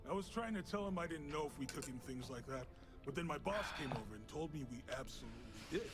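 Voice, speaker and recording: A man's voice: a little high, lively intonation, fast talker, over music. An actor playing a laid-back young male shop clerk who talks in casual slang. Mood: gossipy.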